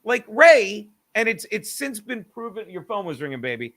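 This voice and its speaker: High, bright-voiced man ranting. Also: normal speed. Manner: animated, swearing, argues with self, laughs often. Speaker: podcast host. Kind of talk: casual comedic rant.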